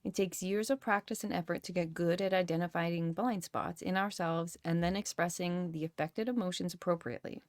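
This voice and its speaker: A woman's voice: fairly low pitch, fairly even intonation, a little fast, hardly any pauses, no echo. Woman reading a book aloud, dry sound. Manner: reads, rereads and comments with swearing. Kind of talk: reading aloud with casual commentary.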